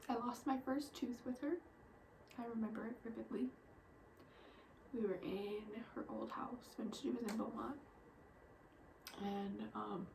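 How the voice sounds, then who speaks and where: A young woman telling personal stories in a vlog, soft-spoken and halting, often dropping to near a whisper, emotional. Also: fairly high pitch, creaky, slight background noise, low-quality recording. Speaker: vlogger.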